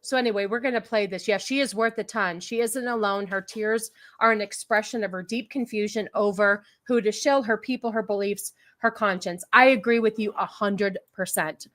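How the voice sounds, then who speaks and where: A woman's voice: mid-range voice, fairly even intonation, moderate pace, few pauses, fairly bright tone. A woman hosting a casual livestream podcast, talking in a sarcastic, mocking way and laughing often. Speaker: podcast host.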